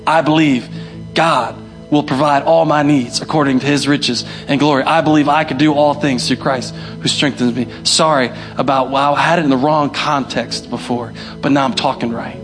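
A man's voice: on the high side, a little slow, over music. A young male pastor preaching a sermon, emphatic and repeating his key phrases. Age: young adult. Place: church hall.

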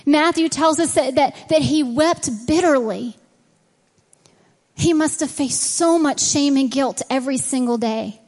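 A woman's voice: high-pitched, unhurried, darkish tone, in a large hall. A woman preaching a sermon in a church, reading scripture and praying, earnest and conversational. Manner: earnest and conversational, acting out quoted dialogue. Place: church sanctuary.

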